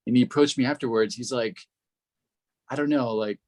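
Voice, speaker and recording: A man, a podcast co-host telling stories in a relaxed, casual way and swearing freely. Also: medium pitch, moderate pace. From Los Angeles, United States. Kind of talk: casual conversation.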